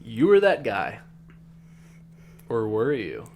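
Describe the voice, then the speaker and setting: A man's voice: mid-range voice, wildly swooping pitch, slow, a little mellow. Rambling male podcast co-host. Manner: rambling, filler-heavy. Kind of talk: casual recap chat.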